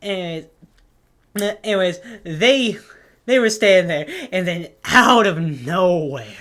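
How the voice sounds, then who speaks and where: A rambling, unhinged hot dog guy, voiced by a woman for an animated audition. His voice sits a little low yet rings bright and forceful. He stammers, restarts and wanders off mid-thought. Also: slow pace. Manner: rambling, stammering, self-interrupting. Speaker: voice actor auditioning. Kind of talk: casting call audition.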